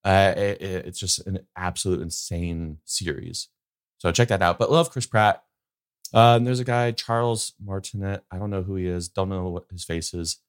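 A man's voice: low voice, steady tone, normal speed, clear, resonant tone. A young man hosting a casual solo podcast, rambling and opinionated, with lots of fillers. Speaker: podcast host.

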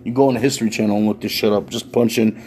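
A young man, delivering a loud, profane rant in a casual stand-up style. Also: fairly low pitch, racing. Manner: loud, swearing, ranting, animated. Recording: faint background noise.

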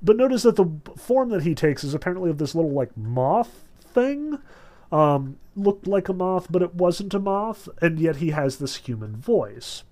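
A man's voice: sits high, very animated, normal speed, dark tone. A man lecturing on literature in a conversational, analytical way, with many fillers. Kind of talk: recorded lecture.

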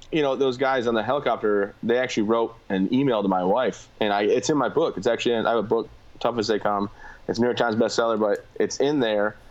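A man's voice: fairly low pitch, muffled recording. A man, a combat veteran guest, telling his story candidly in a plain-spoken way. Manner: fast, plain-spoken, filler-heavy.

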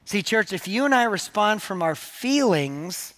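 A man's voice: high-pitched, big pitch swings, measured pace, a bit bright. A man preaching a sermon to his church in a conversational, joking way, acting out the quoted lines. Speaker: pastor.

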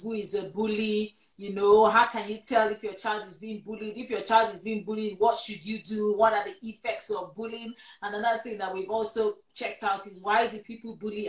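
A woman hosts a live-streamed talk show about relationships and sums up the episode. Her voice sits at a middle pitch. It carries the echo of a roomy space. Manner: affirming, sums up and wraps up the episode. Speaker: host of a church-run show on relationships.

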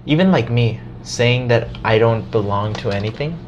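A man in casual podcast chat, talking in an animated way, swearing and laughing as he tells a story. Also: mid-range voice, normal speed, dull audio, slight background noise.

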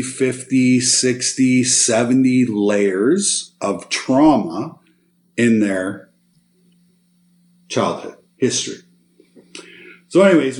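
A man with a low voice tells a story as an interview guest, animated and conversational, often checking in with his listener. The sound is roomy with a clear echo around him. He keeps a steady storytelling drive.

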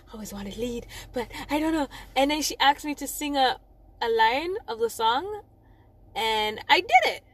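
A young Jamaican woman with a Jamaican accent, talking casually about her own past. Her voice sits a little high, and she rambles, doubles back to correct herself and laughs at her own slips. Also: fairly bright tone, dry recording. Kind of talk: casual personal storytelling.

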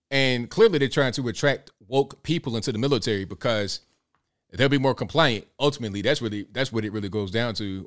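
A man's voice: mid-range voice, fairly bright tone, no room sound, clean studio sound. A man hosting a call-in talk show, speaking in a casual, opinionated way. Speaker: radio show host.

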